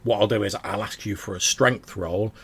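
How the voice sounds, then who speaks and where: A man's voice: on the low side, normal speed, fairly bright tone, breathy edge. A man running a tabletop game as game master, explaining rules and describing scenes in a loose, rambling way.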